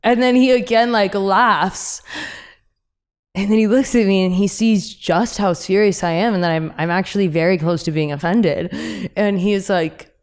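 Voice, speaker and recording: A young woman hosting a podcast, telling stories in a candid, animated way with laughs and asides. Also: medium pitch, moderate pace. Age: young adult. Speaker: podcast host. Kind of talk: casual podcast chat.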